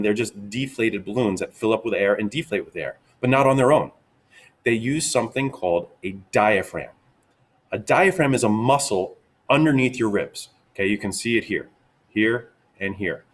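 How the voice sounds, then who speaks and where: A man giving a lively, casual science lesson to kids, checking in often with "okay?". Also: on the low side. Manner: energetic, upbeat, repeats "okay?" often. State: out of breath. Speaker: teacher.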